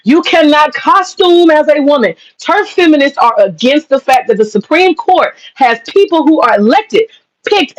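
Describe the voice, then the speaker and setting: A woman's voice: high voice, poor audio. A woman vlogger on a heated opinion rant, talking straight to her viewers, profane and emphatic, hammering her points with repetition. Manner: talks straight to viewers, says she is getting upset.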